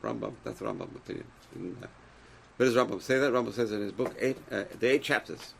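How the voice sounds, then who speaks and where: A man's voice: medium pitch, fairly quick, creaky, slight background noise. A man teaching a Torah class who reads Hebrew texts aloud, translates them, and asks the class rhetorical questions.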